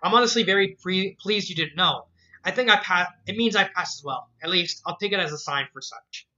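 A man's voice: high voice, a little fast, sharp tone, lo-fi sound. A man voicing a refined elegant young woman. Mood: wistful. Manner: genteel phrasing, calls others dear.

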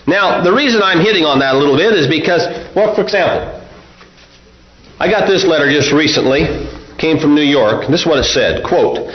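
Man, pastor, sermon, folksy and forceful, echoey church hall, dull lo-fi sound. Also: fairly high pitch, expressive, a little fast. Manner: folksy storytelling, forceful preaching. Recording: roomy, dull lo-fi recording.

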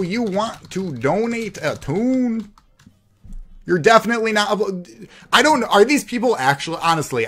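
Sarcastic, lively male game streamer. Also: on the high side. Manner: sarcastic, mocking; reads other players' chat aloud. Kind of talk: live gameplay commentary.

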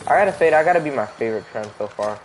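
A man's voice: mid-range voice, animated, very fast, faint music behind, poor audio. A young man streaming a game, chatting casually with friends, laughing often and swearing in joking banter. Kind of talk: casual gaming chat with friends.

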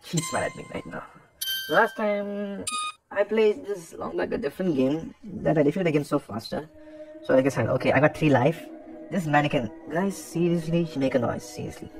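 A man commentating a horror game as he plays, excitable and taunting the monster, with some swearing. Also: fairly high pitch, moderate pace, gravelly, over music. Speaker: gaming commentator. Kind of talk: let's play commentary.

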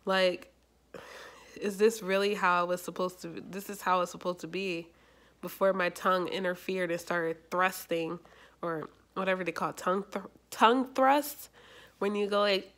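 A young adult woman chatting casually in a vlog, rambling and animated, with lots of fillers. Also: fairly low pitch, normal speed. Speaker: YouTuber.

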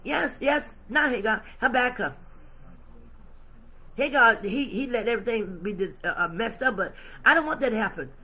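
A woman's voice: fairly high pitch, lively intonation, moderate pace, sharp tone, husky. A woman pastor preaching emphatically, acting out her dialogue with God. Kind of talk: sermon.

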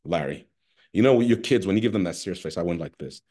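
A middle-aged man delivers an online conference keynote over a video call. His voice sits low and slightly husky. He speaks expressively and turns to listeners by name. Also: lively intonation, fast talker, warm tone.

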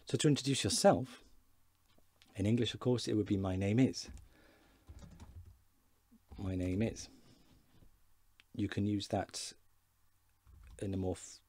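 A man giving an informal beginner language lesson, slowly modelling words for learners to repeat. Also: lowish voice, steady tone, darkish tone. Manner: slow, careful pronunciation drills. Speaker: Welsh language teacher.

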